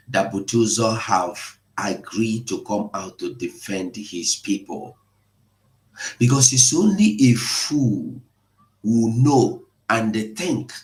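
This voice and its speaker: A man hosting an impassioned live broadcast, pleading and emotional, at times rising to shouts. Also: on the low side. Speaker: online broadcast host. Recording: echoey room.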